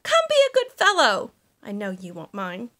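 A woman's voice: medium pitch, huge pitch swings, moderate pace, fairly bright tone, pitched below the performer's own voice. A woman voicing a lazy, bored female bird who coaxes others, in a sing-song storybook reading. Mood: coaxing.

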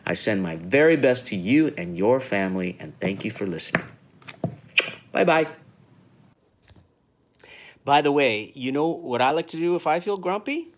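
A middle-aged man reading a children's picture book aloud in a friendly, animated storytelling manner. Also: medium pitch, normal speed, pauses often, a little hiss or hum. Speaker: guest reader.

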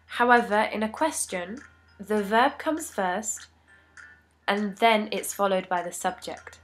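A woman giving a scripted English grammar lesson, reading each rule and example in a measured, deliberate way. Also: medium pitch, faint music behind. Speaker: English teacher.

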